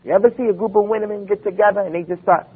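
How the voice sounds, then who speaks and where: Man, high voice, emphatic lecture, rhetorical questions, quotes Arabic, lo-fi phone-like recording. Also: fairly even intonation, racing, husky. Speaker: preacher. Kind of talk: Islamic lecture.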